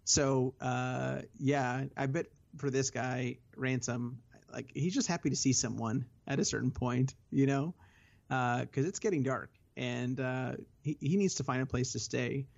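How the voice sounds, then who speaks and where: Gravelly man, hesitant, dull lo-fi audio. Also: mid-range voice, unhurried. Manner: hesitant, many fillers, thinks aloud. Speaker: podcast co-host. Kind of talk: casual book discussion.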